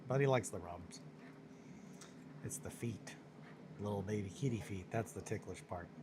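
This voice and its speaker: A man's voice: fairly low pitch, normal speed, noisy background. A man chatting casually on a hobby stream in a rambling, self-amused way while he works on miniatures.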